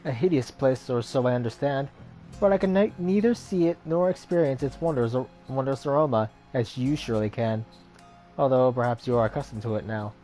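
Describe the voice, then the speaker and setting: A man voicing a polite, old-fashioned attendant who addresses the reader formally, slightly higher and louder than his plain voice. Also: fairly quick, faint music behind, natural voice. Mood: courteous.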